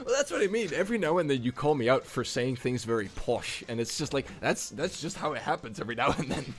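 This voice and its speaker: A man's voice: medium pitch, sing-song, fast talker. A man co-hosting a podcast, trading laughing, teasing banter. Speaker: podcast co-host. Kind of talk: casual chat.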